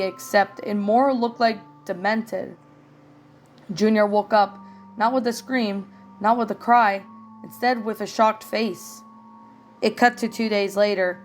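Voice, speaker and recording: Woman, narrator, creepypasta reading, earnest, mid pitch, faint music. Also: steady tone, a little slow.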